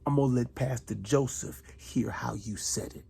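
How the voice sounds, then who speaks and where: A middle-aged man who once served as a soldier rails at a single person, repeating his points and shifting from shouting to hushed asides. He speaks at medium pitch and moderate pace, with a creaky, husky tone.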